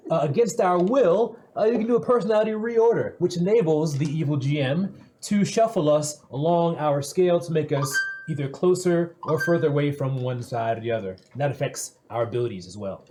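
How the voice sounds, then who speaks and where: A man's voice: on the high side, brisk, background noise. A man chatting casually on a live stream as a player, explaining things in a rambling, self-interrupting way. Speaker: player explaining the show's store.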